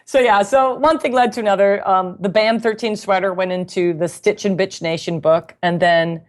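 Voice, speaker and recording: A woman guest in a casual interview, telling stories in a chatty, animated way and laughing often. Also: mid-range voice, moderate pace. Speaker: guest musician and knitting author.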